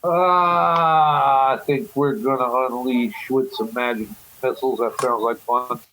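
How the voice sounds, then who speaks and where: A man's voice: mid-range voice, steady tone, slow, bright, forceful tone, rough recording. A man playing in a tabletop game, joking casually and reading out his dice results. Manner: easygoing and joking, reading out rolls. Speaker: player.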